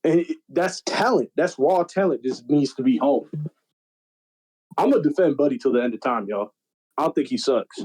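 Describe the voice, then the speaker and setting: A young man in casual podcast chat, telling stories in an animated, slangy, profane way. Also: mid-range voice, moderate pace, husky, rough recording. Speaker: podcast guest.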